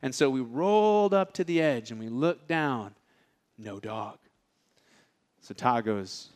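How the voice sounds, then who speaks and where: Animated man preaching with lively stories. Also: mid-range voice, takes it slowly, long pauses. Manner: animated, acts out characters' lines; casual, joking asides. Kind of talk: storytelling sermon.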